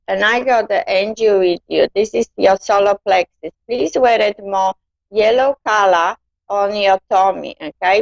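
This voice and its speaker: A woman giving a gentle live-stream psychic reading, calling her listener darling. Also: medium pitch, dry recording. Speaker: psychic card reader. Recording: dull lo-fi dry sound.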